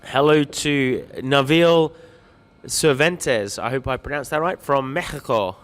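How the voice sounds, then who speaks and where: A man with a medium-pitched voice speaks at a measured pace, and a long reverb tail trails his words. He's a livestream host reading viewer comments, greeting people by name and tossing in light jokes in an upbeat, chatty style.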